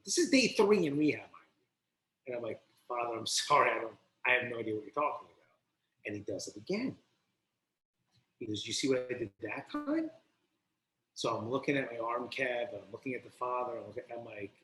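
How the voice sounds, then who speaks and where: Animated storyteller, a man in a roomy space. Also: medium pitch. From New Jersey. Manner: animated storytelling, acting out both sides of the dialogue. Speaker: podcast guest. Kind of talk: personal recovery story. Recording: roomy echo.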